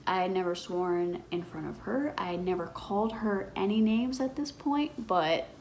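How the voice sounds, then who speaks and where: A woman's voice: mid-range voice, moderate pace, darkish tone, a little hiss or hum, low-quality recording. A woman in her twenties telling a personal story in a casual vlog, blunt and swearing freely. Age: 20s. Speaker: vlogger.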